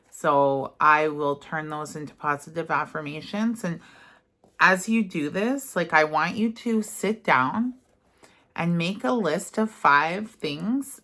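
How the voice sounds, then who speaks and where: Woman reading affirmations real slow and gentle, kinda low voice, loosens up w/ ums when she goes off script. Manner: gentle and unhurried, slipping into casual fillers when speaking freely. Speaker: self-help guide. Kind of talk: guided affirmation session, partly read aloud.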